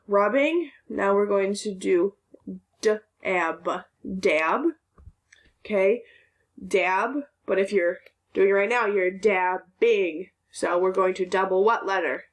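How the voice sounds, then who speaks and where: A woman's voice: mid-range voice, a little slow. A woman teacher giving a recorded phonics lesson for young children, patiently sounding out words syllable by syllable.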